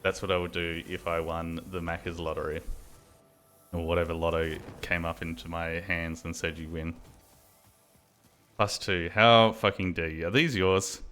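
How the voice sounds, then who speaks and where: An Australian man chatting through a game stream, with a slightly low voice and a bright, forceful tone. He rambles loosely, swears constantly and talks to himself as he plays. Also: level tone, moderate pace, pauses often, faint music behind. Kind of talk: casual gaming commentary.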